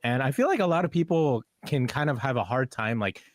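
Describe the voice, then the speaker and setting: A man contributing from a studio, talking in a relaxed, hesitant way with many fillers. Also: medium pitch, a little fast, no echo. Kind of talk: casual radio chat.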